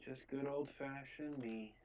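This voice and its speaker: A man's voice: medium pitch, steady tone, measured pace, slight background noise. A man bantering casually as a game player, making dry self-deprecating jokes. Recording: tinny phone-like call line.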